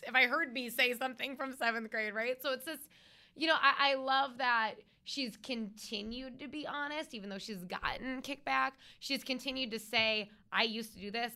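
A woman who works as a radio host, chatting as a guest on a podcast. She talks in an emphatic, animated way, and her voice is bright and crisp. She sounds a little higher than most women. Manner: lively, emphatic, animated storytelling. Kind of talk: casual interview talk.

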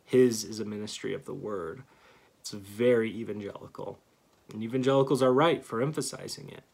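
Low-voiced male lecturer, earnest and emphatic, scripture-heavy teaching delivery. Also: creaky, darkish tone, breathy edge. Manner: earnest, emphatic, reads scripture aloud with pauses and restarts. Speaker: Christian teacher. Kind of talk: theological lecture.

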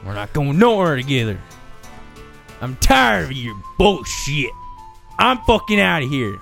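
A man's voice: a little high, sing-song, unhurried, gravelly, fairly bright tone, faint music behind, full character voice. A man voicing a hotheaded, jealous cowboy husband who grumbles and swears. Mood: angry. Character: angry jealous cowboy husband, male adult.

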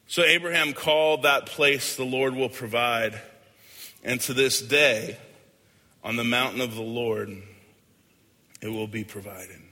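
A man preaching a sermon as a pastor, earnest and deliberate, often letting his lines fade softly at the end. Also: mid-range voice. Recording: hall with long reverb.

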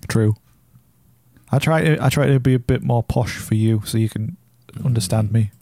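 A man's voice: mid-range voice, moderate pace, mellow, no echo, clean studio sound. A man with a Geordie accent co-hosting a casual podcast, playful and laughing often. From North East England. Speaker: podcast co-host. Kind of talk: casual chat.

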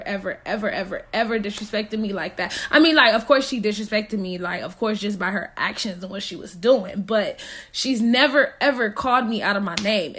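Animated, bright-voiced young woman telling a story. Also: a little high. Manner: animated, slangy, heavy on "like". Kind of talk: casual storytime chat.

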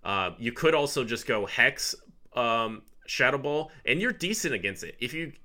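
Bright-voiced man chatting casually. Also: medium pitch. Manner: animated, laughs easily, quick asides. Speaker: podcast co-host. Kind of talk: casual chat ranking picks.

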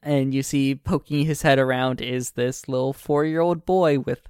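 Dry, smooth-voiced game master. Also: medium pitch, fairly even intonation, normal speed, a little mellow, dry recording. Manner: hesitant, with many restarts and fillers. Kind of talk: narrating a tabletop role-playing game. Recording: dry close mic, podcast over voice chat.

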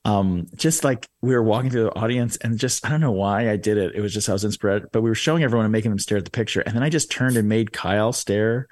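A man's voice: on the low side, fast, few pauses, no echo. A man hosting a podcast, telling stories in a casual, laughing way. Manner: animated, laughing storyteller. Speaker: podcast host. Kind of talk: casual storytelling chat.

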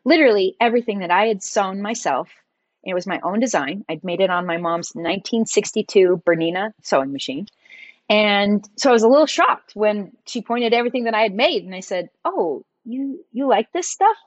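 A woman guest on a podcast, telling a personal story in an animated, conversational way. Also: medium pitch, a little fast, dry recording.

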